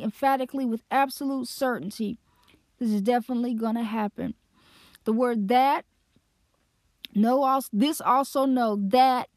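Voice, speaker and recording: An earnest woman gives a Bible teaching in a fairly high voice, slowing down to press home the words that matter. The sound is dry and close, with almost no room around it. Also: a little mellow, no room sound. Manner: earnest, slows down to stress key words.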